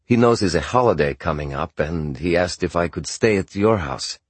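A cool, streetwise teenage boy, calm and offhand, almost bored, as a male narrator puts him on in a storybook reading. The voice is husky and the recording close and dry. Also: low voice, normal speed, dry recording.

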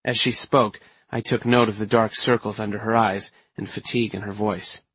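Man, audiobook narration, low pitch, husky, dry sound, measured. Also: flat delivery, fairly bright tone, no echo. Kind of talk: first-person scripted narration.

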